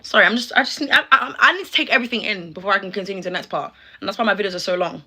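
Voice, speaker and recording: Sassy young woman, bright voice. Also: medium pitch, very fast, slightly rough. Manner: sassy, exclaiming, talks straight to viewers. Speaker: YouTuber reacting to a video. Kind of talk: casual reaction commentary.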